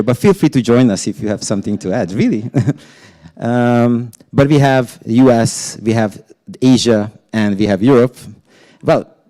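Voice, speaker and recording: A man moderates a panel discussion in a low, mellow voice. He keeps things chatty, stumbles over his words now and then, and slips in small jokes. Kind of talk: casual moderation.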